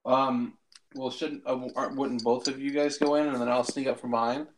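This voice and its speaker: A man's voice: medium pitch, little pitch movement, brisk, a little hiss or hum. A man joking around as a player in a tabletop game. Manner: goofy, laughing. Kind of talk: casual tabletop role-play.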